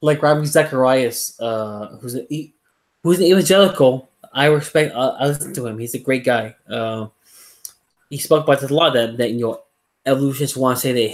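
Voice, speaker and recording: A man's voice: medium pitch, brisk. A man co-hosting a podcast in casual chat, rambling with many fillers and repeated words. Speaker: podcast co-host.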